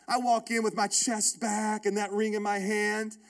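A man in his thirties, a pastor, preaching a sermon built around a personal story, told in an animated, emphatic way with repeated phrases. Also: high-pitched, normal speed.

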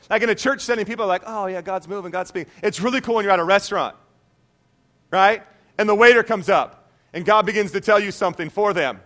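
A man preaching a sermon as pastor, animated and conversational, often checking in with "okay?". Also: sits high.

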